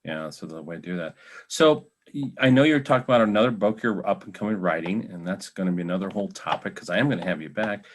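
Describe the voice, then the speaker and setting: A man hosting an interview show, talking in an easygoing, relaxed way that often trails off. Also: low-pitched, fast talker. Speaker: show host. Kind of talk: casual interview chat.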